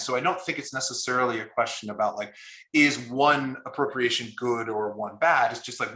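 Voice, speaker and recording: A man's voice: medium pitch, pushed and bright, reverberant. A man, an author taking audience questions, speaking conversationally with many fillers and restarts. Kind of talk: online Q&A discussion.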